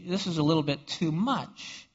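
A man voicing a stern male police officer who speaks in a flat, official way. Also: fairly high pitch, normal speed, husky. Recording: dull reverberant hall recording.

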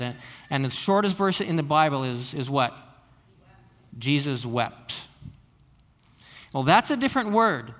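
A man's voice: sits high, fairly bright tone, big-room sound. A man preaching a sermon as pastor, earnest and often repeating words as he restarts phrases.

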